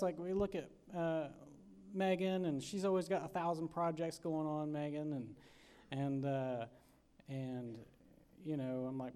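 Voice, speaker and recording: Folksy chatty pastor. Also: male voice, on the high side, fairly even intonation, moderate pace, dark tone, smooth. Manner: folksy, chatty, full of fillers and acted-out asides. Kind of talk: casual storytelling sermon. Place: church sanctuary.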